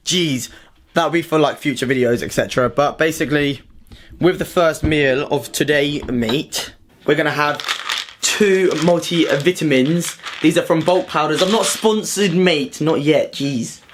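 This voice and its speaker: A young British man vlogging casually to his own camera at home and in his car, excitable, slangy and full of swearing. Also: fairly high pitch, unhurried, noisy background. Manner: excitable, slangy and sweary, keeps saying "mate". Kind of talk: casual vlog chat to camera. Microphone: self-filmed camera.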